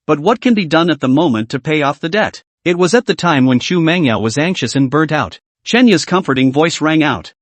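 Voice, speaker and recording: A man narrating a comic recap in a brisk storytelling manner, recorded dry and close. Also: fairly high pitch, lively intonation, no echo.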